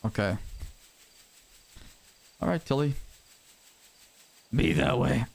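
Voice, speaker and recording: A man playing a character in an online roleplay game, arguing his point in a rapid, insistent way and repeating words when pushed. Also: mid-range voice, gravelly, darkish tone. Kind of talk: heated in-character argument.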